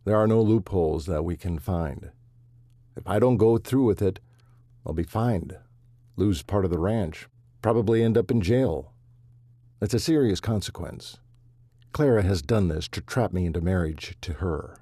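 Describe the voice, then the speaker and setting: A man's voice: low-pitched, normal speed, mellow, no echo, studio quality. A man playing a remorseful rancher father. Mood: weary. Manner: earnest, anguished pleading. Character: remorseful middle-aged rancher father, torn and impulsive.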